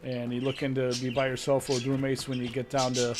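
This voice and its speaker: A man's voice: medium pitch, completely flat delivery, fast talker, noisy background. A middle-aged man from Connecticut with a New Haven accent, chatting casually and telling rambling stories while streaming a game. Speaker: gaming streamer. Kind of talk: casual chat while playing. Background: loud game music.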